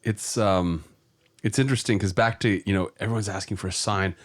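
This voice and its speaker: A man hosting a podcast, gently prompting his guest and affirming what he says. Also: lowish voice, steady tone, fairly quick. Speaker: podcast host. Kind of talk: casual interview chat.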